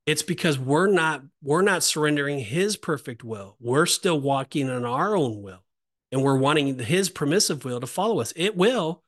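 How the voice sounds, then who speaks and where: Man, Bible teaching, emphatic and repetitive, slightly high pitch. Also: expressive, moderate pace, a bit bright. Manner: emphatic, repetitive, rising on exhortations. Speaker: podcast host.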